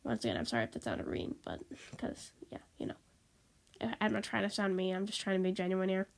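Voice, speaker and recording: A woman's voice: mid-range voice, big pitch swings, quick pace, vocal fry. A woman vlogging in a casual, rambling monologue, stuffy and sniffling, apologetic and repeating herself, recorded on a tablet. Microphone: tablet microphone.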